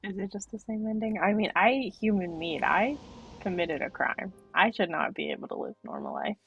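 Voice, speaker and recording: Husky young woman streaming a game. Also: medium pitch, fairly quick, lo-fi sound, soft background music. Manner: animated, laughs and reacts loudly. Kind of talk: live game playthrough, reading text aloud.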